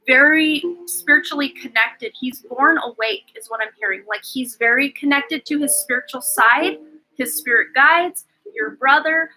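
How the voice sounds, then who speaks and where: A woman with a high, bright voice gives a live-streamed tarot reading. She talks effusively and chattily, full of "like" and "um" fillers. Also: low-quality recording. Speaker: tarot reader and livestream host.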